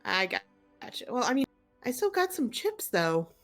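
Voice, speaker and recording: A woman's voice: on the high side, big pitch swings, normal speed, fairly bright tone, faint music behind. A woman voicing a stammering, broke male gambler. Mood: flustered. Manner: pleading, stammering, excuse-making. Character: desperate young male gambler who lost his gold.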